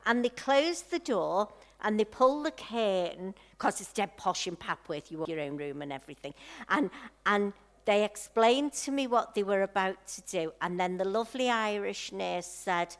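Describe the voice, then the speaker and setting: A woman preaching a sermon, telling a personal story in a slow, heartfelt way with soft pauses. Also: medium pitch, animated.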